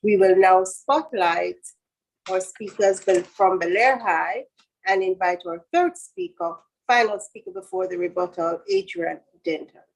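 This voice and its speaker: A woman's voice: mid-range voice, animated, unhurried, gravelly, slight background noise, rough recording. A woman moderating a school debate in a formal announcing manner. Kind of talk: event hosting.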